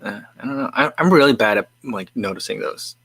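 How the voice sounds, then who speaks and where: A livestream host chats casually while reading viewer comments, musing and rambling and often cutting himself off to restart. His bright, forceful, husky mid-range voice is animated, a little fast, with vocal fry. The sound is dry and close, no room or echo.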